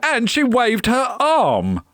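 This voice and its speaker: Taking her time, a woman with a fairly high voice reads a children's picture book with expressive storytelling flair. The sound is clean studio audio with no room sound.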